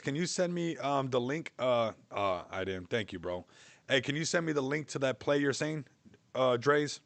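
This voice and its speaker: Fairly low-pitched, with no room sound, a young man runs a casual livestream, talking in a loose, wandering way and frequently laughing and making fun of things.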